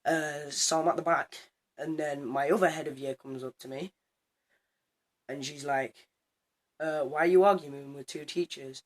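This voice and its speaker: A teenage boy telling a story to camera in a casual vlog, animated and swearing, acting out both sides of an argument. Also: a little high, a little slow, pauses often. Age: teens. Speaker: student vlogger.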